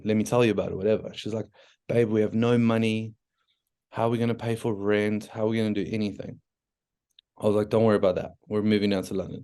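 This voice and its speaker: A man from South Africa with a South African accent, a podcast guest telling his story in a frank, animated way, full of restarts and "like" fillers. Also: fairly low pitch. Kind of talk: casual storytelling interview.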